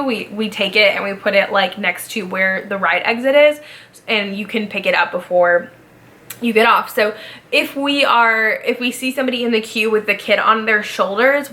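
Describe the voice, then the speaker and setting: A young woman in her twenties tells stories in a relaxed, conversational vlog style. Her voice is bright and forward, at an ordinary pitch for a woman. She keeps an upbeat tone and fills her sentences with casual "like"s. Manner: chatty, upbeat, frequent "like" fillers. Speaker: vlogger, former theme park ride guide. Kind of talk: casual chat.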